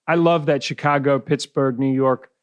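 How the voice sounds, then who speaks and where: A man's voice: mid-range voice, fairly even intonation, normal speed, clean tone, no echo. Middle-aged kiwi guy with a bit of west indian in his accent, chatty guest telling stories, dry close mic. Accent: mixed New Zealand and West Indian. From New Zealand. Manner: chatty storyteller, laughs often. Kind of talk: casual podcast conversation.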